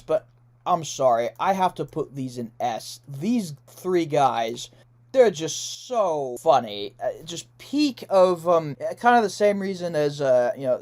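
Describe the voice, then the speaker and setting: With a somewhat high, darkish voice, a young YouTube host works through a character ranking. His delivery is relaxed and chatty, punctuated by frequent laughs, fillers, and mid-sentence fixes.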